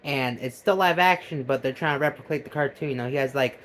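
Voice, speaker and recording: A man excitedly retelling a video he watched, swearing often and swinging between loud outbursts and low asides. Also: fast talker, slight background noise. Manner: animated, profane, jumps between loud outbursts and mutters. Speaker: video reactor.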